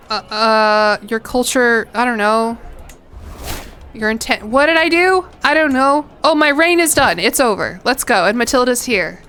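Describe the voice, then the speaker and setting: A woman with a higher, slightly bright voice streams a strategy game with casual commentary. She chats, reacts, laughs, and swears as she plays.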